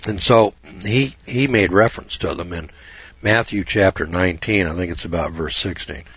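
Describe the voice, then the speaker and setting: A man hosting a talk show, rambling in a folksy, digressive way about scripture with many pauses and restarts. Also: sits low, fairly bright tone, breathy edge, lo-fi sound.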